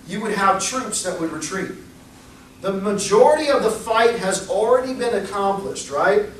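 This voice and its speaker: A young adult man preaching a sermon, telling Bible stories in a lively way and acting out the people he quotes. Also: sits high, a little hiss or hum. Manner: animated storytelling, acts out quoted voices. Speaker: pastor. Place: church sanctuary. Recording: echoey church recorded from far off.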